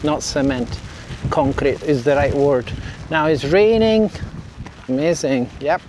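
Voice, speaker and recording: A man with an Italian accent talks to his viewers while walking along a harbour, in a fairly high voice. He chats loosely, stops to correct his words and apologises along the way. His mic sits under his jacket, with faint outdoor sound behind him. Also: lively intonation, slow, noisy background. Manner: chatty, self-correcting, apologetic asides to viewers. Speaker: vlogger. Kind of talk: casual walking vlog. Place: outdoors by a seaside village harbour and beach. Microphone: clip mic under a jacket.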